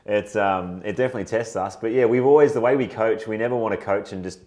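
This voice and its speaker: Male co-host, deeper voice, energetic and keen in casual chat. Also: fast talker. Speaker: co-host, trainer.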